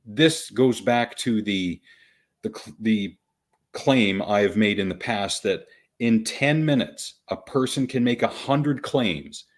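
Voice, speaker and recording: A man hosting a podcast, wryly and patiently walking listeners through a news story, step by step. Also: on the low side. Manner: wry, patient, explains slowly and deliberately. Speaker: podcast host. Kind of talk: casual podcast commentary.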